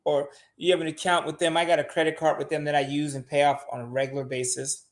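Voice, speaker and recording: A man's voice: fairly high pitch, level tone, quick pace. An older man, a show regular, giving blunt money advice in casual podcast talk and swearing freely.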